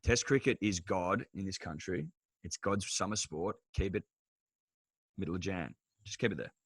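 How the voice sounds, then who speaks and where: A man's voice: low voice, moderate pace, slightly rough, no room sound. A man with an Australian accent co-hosting a sports podcast, emphatic and profane in casual chat. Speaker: podcast co-host.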